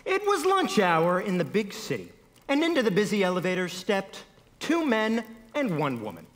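A man's voice: high-pitched, wildly swooping pitch, normal speed, long reverb tail. A man narrating a comedy sketch on stage in a mock-dramatic tone, correcting himself as he goes. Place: theater stage.

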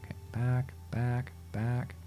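A man's voice: medium pitch, completely flat delivery, takes it slowly, dark tone, soft background music. A man giving casual let's-play commentary at his computer, exasperated, swearing and talking back to the game. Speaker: gaming channel host.

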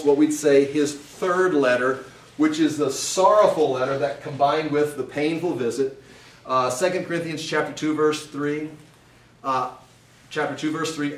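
Male Bible teacher, earnest and emphatic, reads then paraphrases bluntly; slightly high voice, distant echoey recording. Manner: reads scripture aloud then explains it in blunt everyday paraphrase. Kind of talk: Bible study lecture. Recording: echoey room, mic at a distance.

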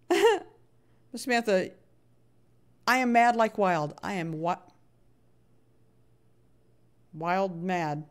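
A woman's voice: mid-range voice, animated, extremely slow, long pauses. A middle-aged woman talks her way through a live game stream in a loose, chatty voice. She plays up her annoyance, grumbles at the game and reads messages from chat aloud as she goes.

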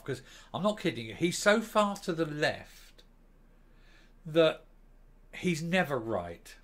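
A man's voice: a little high, a bit bright. A man delivering a scornful, sarcastic commentary monologue as a vlog host. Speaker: commentary vlogger.

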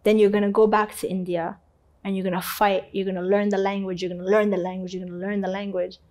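A woman's voice: medium pitch, fast. A woman from Canada, a guest in an interview, telling a painful personal story with feeling, swearing casually and acting out the people she quotes. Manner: animated, acts out quoted voices, swears casually.

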